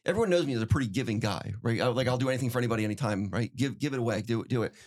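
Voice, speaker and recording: Fast-talking middle-aged male podcast co-host. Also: medium pitch. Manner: animated storyteller, repeats phrases for emphasis. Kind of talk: casual podcast chat.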